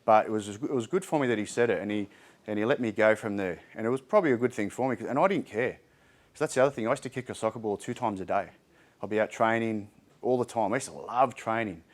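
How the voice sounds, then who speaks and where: A man's voice: lowish voice, quick pace. A man with an Australian accent giving a candid, chatty community talk on mental health, with frequent ums and restarts. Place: indoor community hall.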